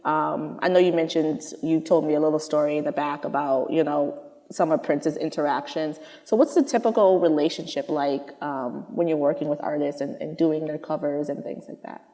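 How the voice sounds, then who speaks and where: A woman's voice: low-pitched, steady tone, normal speed, mellow. A woman interviewing a guest, listening attentively and putting in frequent short affirmations. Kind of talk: conversational interview. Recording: long hall reverb.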